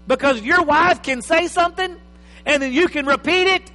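A man preaching a sermon as pastor, emphatic, swinging between loud and soft. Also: very high voice, moderate pace. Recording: reverberant hall with faint mains hum.

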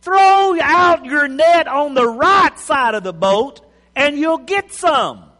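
A man voicing Jesus as he calls slowly and gently to his disciples from the shore. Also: very high-pitched, animated, big-room sound, voice pushed up, full character voice. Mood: gentle. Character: Jesus calling kindly to his tired disciples.

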